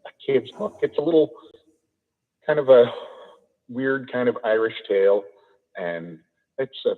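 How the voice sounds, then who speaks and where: With a mid-range voice, lively intonation and an unhurried pace, a man with an Idaho American accent fields interview questions about his audiobook narration. He is easygoing, chuckling frequently and repeating words as he begins, and the tinny call audio echoes in a hall.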